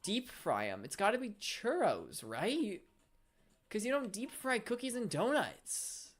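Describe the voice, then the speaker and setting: A young woman casually commenting while playing a video game, chatty and quick to joke and rant. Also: on the high side, huge pitch swings. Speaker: gaming channel host. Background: faint game music.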